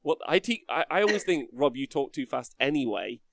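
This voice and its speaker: A man hosting a casual livestream podcast, chatty and quick to laugh as he reads the chat aloud. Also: mid-range voice, big pitch swings, creaky, dry recording, clean studio sound. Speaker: podcast host.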